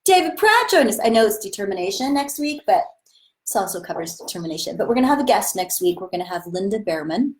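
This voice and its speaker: A woman acting teacher talks through a live-streamed lesson, chatty and enthusiastic, in a mid-pitched voice. Her delivery is casual and she slips into sudden bursts as she demonstrates. The sound comes from a simple webcam-style mic. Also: lively intonation, quick pace, a little mellow. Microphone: webcam or phone on a live stream.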